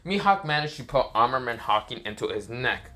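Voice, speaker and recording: Bright-voiced young man rambling a fan story. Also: mid-range voice, expressive, a little fast. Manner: rambling, swearing, frequent restarts. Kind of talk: casual fan-story narration.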